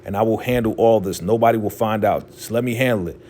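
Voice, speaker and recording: A man's voice: on the low side, fast, a little mellow, natural voice. A man voicing a young male fixer who insists he will handle things. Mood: insistent.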